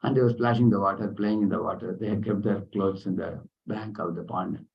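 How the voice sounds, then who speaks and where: Low-voiced man teaching a scripture class. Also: fairly even intonation, fairly quick, gravelly, dull audio. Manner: storytelling, asks the class questions.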